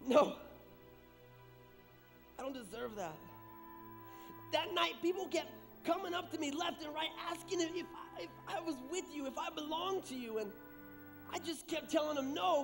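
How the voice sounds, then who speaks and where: An actor playing the apostle Peter as an excitable, rambling fisherman who stammers, in a church skit. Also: very high voice, gravelly, full character voice. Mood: remorseful. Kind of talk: stage comedy-drama acting. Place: church stage. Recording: echoey church hall with music.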